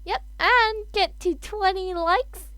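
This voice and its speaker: A woman hosting a casual reaction video, rambling and giggling in a very high voice with lively pitch. She talks slowly, and the sound is dry and close. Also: no room sound. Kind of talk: casual chat.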